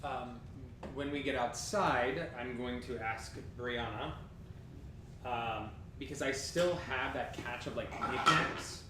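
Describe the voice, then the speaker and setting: A man's voice: medium pitch, takes it slowly. A man playing a tabletop game, speaking casually and hesitantly. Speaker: player. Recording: echoey room, loud noise.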